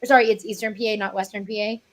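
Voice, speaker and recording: A woman's voice: medium pitch, fairly even intonation, rapid-fire. A woman from Pennsylvania with a Pennsylvania accent, a guest critic chatting enthusiastically and laughing mid-sentence. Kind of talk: casual chat.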